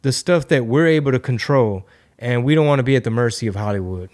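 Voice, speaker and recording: A man hosting a podcast, talking in a relaxed, chatty way with plenty of fillers. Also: mid-range voice, fast talker. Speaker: podcast host. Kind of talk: casual chat.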